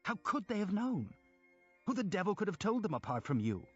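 A man's voice: high voice, big pitch swings, breathy edge, muffled recording, faint music behind, voice pushed up, heavily acted. A man voicing a bitter, hot-tempered young man who speaks in a grating, accusing way in a storybook reading. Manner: grating, accusing, quick and sharp.

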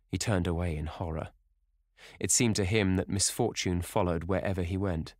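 A man reading a classic novel aloud as an audiobook narrator, in a measured, even storytelling manner. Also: low voice, no room sound, clean studio sound.

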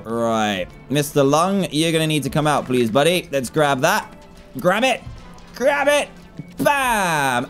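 A young man giving excitable gameplay commentary, often exclaiming and laughing. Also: medium pitch. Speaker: gaming YouTuber.

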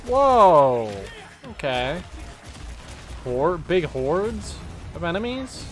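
With faint music in the background, a man with an expressive mid-range voice reacts live to a game showcase on stream. Sleepy and yawning, he muses out loud at an unhurried pace, often dropping a thought halfway and restarting it.

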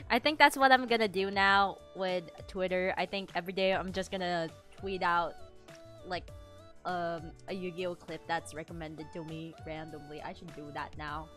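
A woman VTuber chatting casually on a livestream, animated and giggly, rambling with lots of fillers. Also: fairly low pitch, unhurried, soft background music. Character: princess from another world. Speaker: VTuber streamer.

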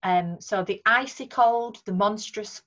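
A woman's voice: medium pitch, a little slow, fairly bright tone, highs cut off. Patient Northern English woman teacher. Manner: clear, patient explaining with frequent "um" and "right". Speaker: secondary school English teacher. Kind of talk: recorded remote lesson talk over slides.

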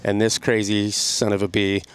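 A middle-aged man, a podcast guest, telling an animated story about riding. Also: fairly low pitch, moderate pace, smooth. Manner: animated, excited storytelling with laughs. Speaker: podcast guest, snowmobile rider. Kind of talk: casual storytelling.

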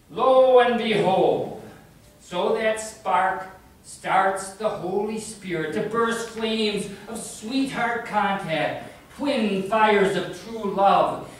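Slow, high-voiced man reciting his poem live; echoey room, mic far off. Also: a bit bright. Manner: rhythmic wordplay, hesitant asides. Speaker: poet. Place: public library community room.

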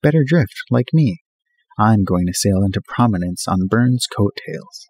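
A man's voice: lowish voice, expressive, unhurried, darkish tone. A man voicing an easygoing young male college student, wry and a bit impatient, in a raised voice.

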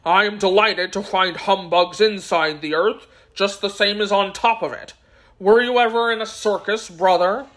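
A woman's voice: medium pitch, moderate pace, fairly bright tone, voice pushed up, close to an everyday voice. A cheerful little old humbug wizard from a storybook, bragging in a breezy, jaunty voice, as a woman reader puts him on. He sounds pleased with himself.

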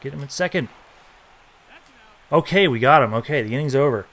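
A young man giving casual, joking commentary while playing a baseball video game, reacting loudly to big plays. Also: medium pitch, measured pace, pauses often. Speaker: gaming YouTuber.

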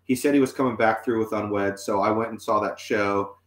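Speaking fairly quickly in a steady, fairly low voice, this forties-aged musician guest rambles through a long anecdote in casual conversation. Fillers and false starts pile up, and the recording has a roomy echo.

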